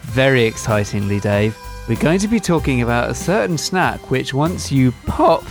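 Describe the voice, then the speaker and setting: A man's voice: medium pitch, lively intonation, moderate pace, soft background music. A man co-hosting a podcast, joking and punning in casual chat with frequent restarts. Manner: playful, punning, stumbling restarts. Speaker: podcast co-host.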